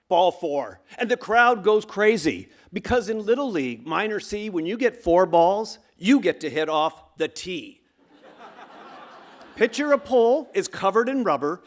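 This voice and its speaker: A middle-aged man tells a true story to a live audience, his slightly high voice swinging from hushed and low to loud, excited bursts. He acts out the moments and shifts with the tension of the tale. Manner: animated, acts out the shouts of coaches. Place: stage before a live audience.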